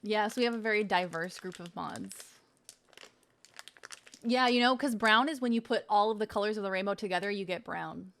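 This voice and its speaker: Woman streamer, middle pitch, chatty and playful, laughs a lot, casual cursing. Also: normal speed, a bit bright, a little hiss or hum. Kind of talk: casual live-stream chat.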